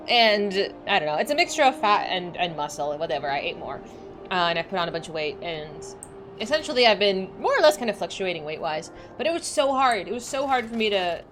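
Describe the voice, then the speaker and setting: A woman's voice: mid-range voice, lively intonation, fairly quick, over music. Chatty young woman streamer. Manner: chatty and rambling, with many likes and restarts. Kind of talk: casual chat while livestreaming a game.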